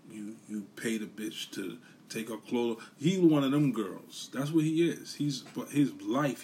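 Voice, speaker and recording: A man talks straight into his podcast mic, blunt and profane, hammering each point home by repeating it. His voice sits at an ordinary middle pitch. A faint background hum runs under the recording. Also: a little mellow. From New York City. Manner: blunt, profane, repetitive ranting. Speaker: podcast host. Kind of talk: casual solo commentary.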